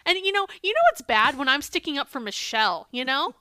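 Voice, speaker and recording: A woman's voice: high voice, very animated, fairly quick, bright, forceful tone, no room sound. A woman co-hosting a podcast, recapping a show in casual chat with sarcasm and frequent swearing. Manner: sarcastic, swears often, mocks quotes. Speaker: podcast co-host.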